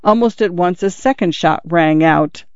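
A man narrating a classic short story in a measured, even storytelling manner. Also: high-pitched, no echo, dull audio.

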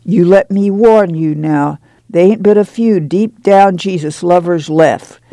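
A man's voice: sits high, a little slow, dark tone, dry recording. A man voicing a stocky, fiercely pious camp woman who scolds in a rural dialect for an audiobook. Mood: fervent. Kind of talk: audiobook reading.

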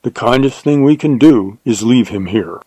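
A man's voice: mid-range voice, normal speed, dark tone, husky, no room sound, lightly acted. A man voicing a thoughtful male hunting companion who speaks in a sober mutter. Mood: grave.

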